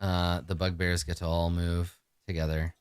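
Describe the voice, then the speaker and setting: A man narrating a tabletop game as game master, halting with many fillers and frequent chuckles. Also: sits low, flat delivery, clear, resonant tone, no room sound.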